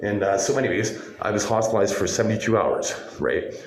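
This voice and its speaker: A man's voice: on the low side, animated, brisk, reverberant, low-quality recording. A man in a hospital room, talking to his phone camera in a rambling, profane, insistent monologue that keeps checking "right?". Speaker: vlogger.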